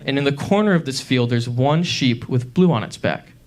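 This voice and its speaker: A mid-range-voiced comic in his twenties does a stand-up set at a club, building his stories toward punchlines with deliberate pauses.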